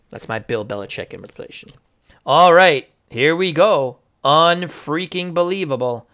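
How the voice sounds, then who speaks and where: Excitable man calling sim football results. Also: fairly high pitch, unhurried, smooth, lo-fi sound. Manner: excitable, bursts into shouting over upsets. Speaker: video game sim commentator. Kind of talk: casual play-by-play commentary.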